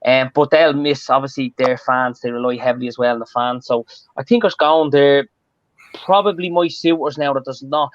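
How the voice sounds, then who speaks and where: A man's voice: mid-range voice, moderate pace, no room sound. A man with an Irish accent chatting casually as a football pundit, rambling and loose with many fillers. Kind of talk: casual chat. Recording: dull, dry lo-fi audio.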